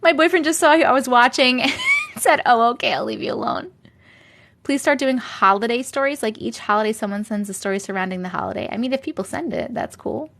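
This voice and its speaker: A woman's voice: a little high, fast, fairly bright tone. A woman from Long Island with a New York accent, hosting a rambling, chatty live stream and laughing often. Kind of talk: casual live-stream chat.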